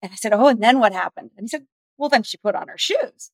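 Woman expert guest, middle-aged, animated storyteller, higher pitch, dead-dry sound. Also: quick pace, vocal fry, dry recording. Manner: animated storyteller, acts out dialogue. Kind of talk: podcast interview.

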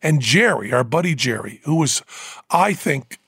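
Husky gravel-voiced man telling a story. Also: mid-range voice, dry recording. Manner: rambling, animated, quick laughs, fillers. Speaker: podcast host. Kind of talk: casual storytelling. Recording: dry close studio mic.

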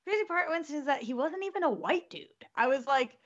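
Woman, casual storyteller, gravelly edge, lively quoting, lo-fi recording. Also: high-pitched, a little fast. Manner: animated, acts out quotes, swears freely. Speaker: storyteller in a group chat.

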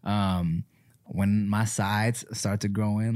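A man's voice: on the low side, level tone, slow pace, a little mellow. A man hosting a podcast in loose, joking casual chat, swearing freely. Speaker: podcast host.

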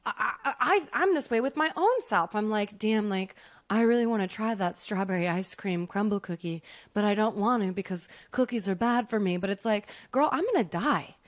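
A woman's voice: medium pitch, moderate pace. A woman co-hosting a podcast in casual chat, swearing freely and acting out voices in her stories. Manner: expressive, profane, acts out voices in stories. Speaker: podcast co-host.

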